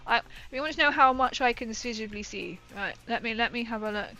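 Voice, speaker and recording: A woman streamer with a slightly high, bright, forceful voice chats excitedly while painting miniatures on a live stream. She greets her viewers eagerly, and soft music plays faintly behind her. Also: a little fast. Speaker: livestream host painting miniatures. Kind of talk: casual livestream chat.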